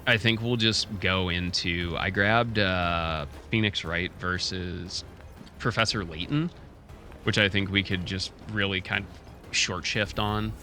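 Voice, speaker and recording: A man's voice: sits low, steady tone, a little slow, pushed and bright, soft background music. A man streaming a speedrun, rambling and joking profanely while he has the hiccups. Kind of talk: casual live-stream commentary.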